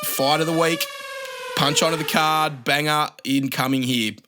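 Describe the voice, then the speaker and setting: A man's voice: fairly high pitch, steady tone, a little slow, music in the background. A young Australian man hosting a casual fight-prediction show, talking in a blunt, sweary, joking way. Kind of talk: casual solo commentary.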